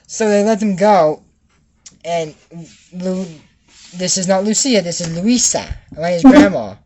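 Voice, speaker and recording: A man's voice: high-pitched, animated, a little slow, dark tone. A young man giving a sarcastic, comedic recap of a cartoon episode and acting out the characters' lines.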